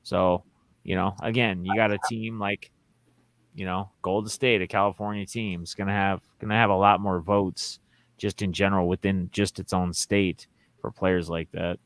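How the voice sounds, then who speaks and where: Low-voiced rambling male sports podcast host. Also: flat delivery, normal speed, dry recording. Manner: rambling, reads listener questions aloud. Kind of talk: casual sports talk.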